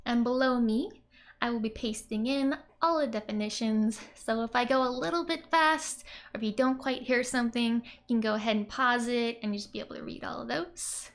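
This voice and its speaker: A woman's voice: a little high, normal speed. A woman teaching a language lesson in a casual, chatty way, laughing often as she explains. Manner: giggly, chatty, frequent laughs. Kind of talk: casual lesson narration over screen.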